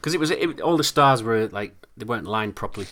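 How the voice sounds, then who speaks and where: A man's voice: mid-range voice, expressive, a crowd in the background. A man hosting a casual sports podcast, leading the segments and joking with his co-hosts. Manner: playful, jumps between topics with quick jokes. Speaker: podcast host.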